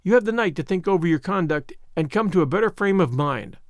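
A man's voice: sits high, animated, fast, dry recording. A man doing a stern, dry-tongued spinster. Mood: dry, firm. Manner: strict, dry and reproving. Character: stern, dry middle-aged spinster woman.

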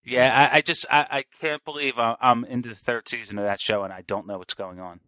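A man's voice: medium pitch, fairly even intonation, brisk, pushed and bright, dry recording. A man co-hosting a casual podcast chat, talking in blunt, exasperated complaints. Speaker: podcast co-host.

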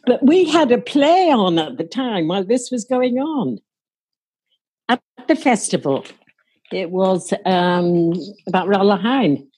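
Slow, husky older woman telling a story. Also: mid-range voice, sing-song, darkish tone, low-quality recording. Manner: wry, amused, laughs while telling. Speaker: storyteller recounting her own past. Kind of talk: casual spoken anecdote.

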